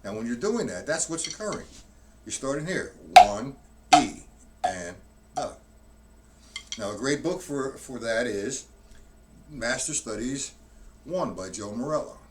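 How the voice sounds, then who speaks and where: Speaking at normal speed with a medium pitch and lively intonation, a drum teacher explains each step of his live-streamed lesson in plain terms, regularly restarting sentences. The distant mic in his drum-kit room picks up loud drumming, making the clip very noisy.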